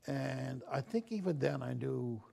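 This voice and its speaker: An older man from Newfoundland, Canada, sits for an interview about his childhood, a newspaper columnist who tells reflective stories and acts out quoted voices. His mid-range voice is animated and measured, creaky and dark, with a breathy edge.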